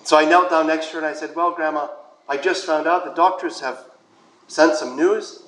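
A male priest giving a sermon, telling a personal story in a conversational way, with soft whispered asides. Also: fairly high pitch, steady tone, moderate pace, roomy sound, a little hiss or hum, poor audio.

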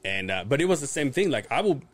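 A man's voice: mid-range voice, very animated, fast talker, no room sound. A man co-hosting a podcast in casual chat, rambling through stories and swearing, with many restarts. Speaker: podcast co-host.

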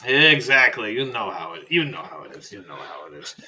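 A man's voice: mid-range voice, very animated, a little fast, pushed and bright, heavily acted. A man voicing a tiny, eccentric old male librarian who is crass and rambling.

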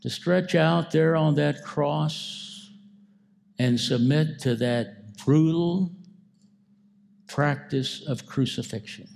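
Male pastor, sermon delivery, unhurried and warm-toned. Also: a little high, vocal fry. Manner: slow, emphatic preaching with repeated phrases.

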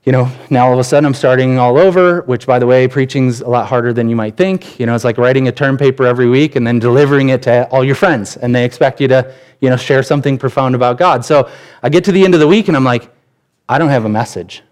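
A man in his thirties preaching a sermon as pastor, candid and conversational, telling personal stories with animated shifts. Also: mid-range voice, fast, clear, resonant tone.

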